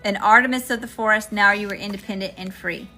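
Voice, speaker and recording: A woman's voice: medium pitch, fairly even intonation, fast, loud music behind the voice. A woman doing a live-stream tarot reading, chatting with viewers between cards. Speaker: tarot reader.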